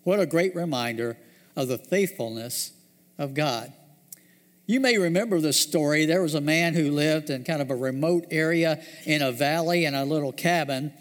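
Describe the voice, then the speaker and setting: A man preaching a sermon, telling a story and slowing down, dropping low to stress key words. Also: in a large hall. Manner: storytelling, slows and drops low for emphasis. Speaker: pastor.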